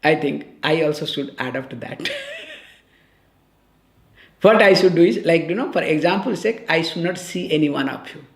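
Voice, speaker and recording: A woman's voice: deep voice, lively intonation, moderate pace, pauses often, reverberant. A woman giving a spiritual discourse on scripture in a conversational way, often checking in with her listeners and repeating key phrases. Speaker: spiritual teacher.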